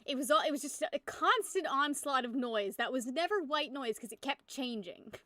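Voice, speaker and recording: Giggly high-voiced woman streamer. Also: lively intonation, normal speed, bright, forceful tone, dry recording, clean studio sound. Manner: rambling, giggly, swears freely. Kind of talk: casual live-stream chat.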